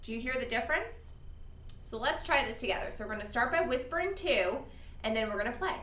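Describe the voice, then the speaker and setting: Woman, music teacher, encouraging, bright lively voice, higher pitch, roomy distant recording. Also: fast talker. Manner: patient, encouraging, counts and models for students to echo. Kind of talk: beginner saxophone lesson.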